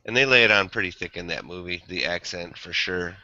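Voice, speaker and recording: Man, host, very bright voice, smooth, dry muffled sound, joking casual chat. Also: low voice, fairly quick, no echo. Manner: easygoing, jokey.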